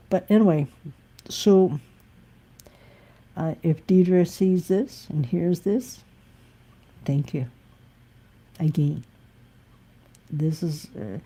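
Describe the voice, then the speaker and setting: A woman's voice: low voice, mellow, breathy edge. A woman musician talking candidly and bluntly in a live-stream monologue. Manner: blunt, emphatic, occasionally swearing.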